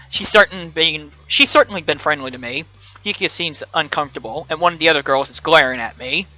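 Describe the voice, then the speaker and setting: A man's voice: a little high, fairly quick, sharp tone, dry recording, faint music behind, poor audio. A young man hosting a let's play, reading a dating game aloud with joking, playful asides.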